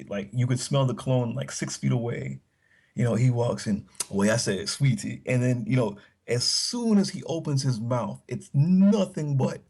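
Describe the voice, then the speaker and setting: A man's voice: mid-range voice, vocal fry, a little mellow, breathy edge. A man chatting casually as a guest, telling rambling stories with many restarts and fillers. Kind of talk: casual storytelling chat.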